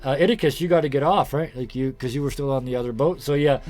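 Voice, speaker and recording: A man's voice: mid-range voice, fast talker, darkish tone, soft background music. A man narrating as game master, loose and joking, laughing often.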